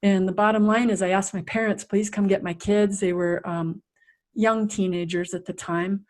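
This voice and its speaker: A woman's voice: medium pitch, moderate pace. Middle-aged woman telling a vivid story. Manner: vivid, animated storyteller who acts out scenes. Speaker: guest, resilience coach. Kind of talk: personal storytelling in a podcast interview.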